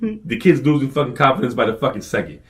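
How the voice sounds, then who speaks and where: Fast-talking profane man storyteller. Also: mid-range voice. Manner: animated, swears constantly, acts out shouted quotes. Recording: somewhat distant from the mic.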